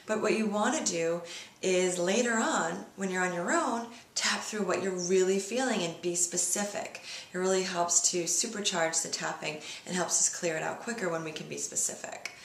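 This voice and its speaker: A woman leading a guided tapping lesson, speaking slow repeat-after-me phrases as a coach. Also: fairly low pitch, vocal fry, reverberant.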